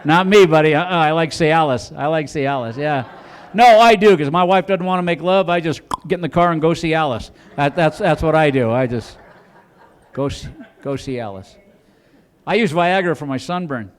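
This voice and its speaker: A man doing a stand-up comedy set in a club, telling rambling stories and chatting with the audience, now and then jumping into loud put-on voices. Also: a little high, fairly quick, clear, resonant tone.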